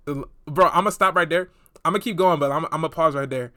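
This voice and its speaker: A man's voice: a little high, brisk, pushed and bright, no room sound, clean studio sound. A young man giving casual commentary in a slangy, chatty way, often calling the listener bro. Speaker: online commentator.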